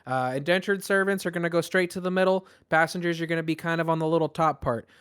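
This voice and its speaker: Jolly pirate first mate, played by a man, cheery and boastful, high bright voice, dry sound. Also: fairly even intonation, fast talker, clean tone, dry recording, natural voice. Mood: chatty.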